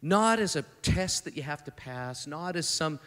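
A fairly high-voiced man preaches at a conference, his voice carrying a long hall reverb. He talks in a loose, conversational way, stumbles and restarts often, and slips into the voices of the people in the story he tells. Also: normal speed, clean tone. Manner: animated, acts out the speakers in the story. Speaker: conference speaker. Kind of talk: sermon.

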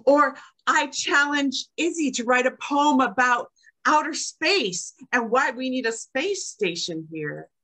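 An older woman delivers a prepared speech at an unhurried pace. Her pitch swings widely as she recites her own poems, jumping high to act out quoted lines. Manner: expressive, acts out quoted lines with big pitch jumps. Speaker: club speaker.

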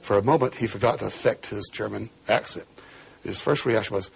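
A man being interviewed for a documentary, telling stories in an animated way. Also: fairly low pitch, quick pace, creaky, slight background noise, poor audio. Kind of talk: casual talk in a documentary.

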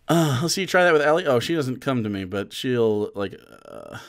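A man's voice: medium pitch, sing-song, unhurried, pauses often, fairly bright tone. A man in his thirties streaming live, commenting casually on a video and rambling in an incredulous way with many fillers and restarts.

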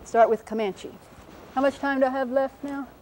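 A woman with a mellow, relaxed voice explains phonetic symbols as a linguist. She speaks carefully and slows down to demonstrate each pronunciation syllable by syllable. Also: high-pitched, a little hiss or hum, low-quality recording. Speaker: linguist giving a talk.

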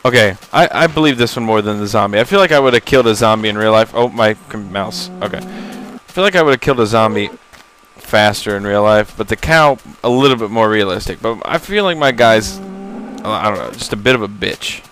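A man's voice: fairly low pitch, expressive, fairly quick, fairly bright tone, slight background noise, poor audio. A young man giving casual, rambling commentary on a game he is playing for the first time, self-deprecating and easily startled, swearing when surprised. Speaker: gamer recording a first-time playthrough. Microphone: laptop setup.

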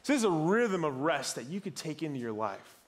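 A man's voice: fairly high pitch, sing-song, fairly quick. A man in his thirties preaching a sermon in a conversational way, often repeating words as he goes. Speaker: pastor. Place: church.

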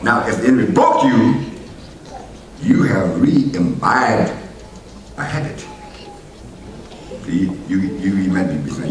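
Deep-voiced preaching pastor in echoey church. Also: male voice, takes it slowly, pauses often. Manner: animated preaching, rising to loud exhortation then dropping low. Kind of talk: sermon. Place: church sanctuary. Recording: echoey church heard from a distance with noise.

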